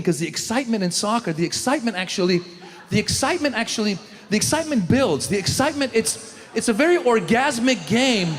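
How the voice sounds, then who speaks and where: A man from Iran performing a stand-up comedy set on stage, animated and acting out characters with drawn-out and rapid put-on voices. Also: on the high side. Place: comedy venue with live audience.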